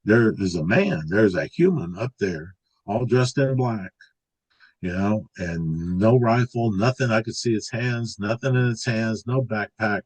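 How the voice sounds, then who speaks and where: Older male guest, lowish voice, casual rambling storyteller. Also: lively intonation, unhurried, darkish tone, slightly rough, poor audio. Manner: rambling, restarts and filler words. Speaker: interview guest recounting an encounter.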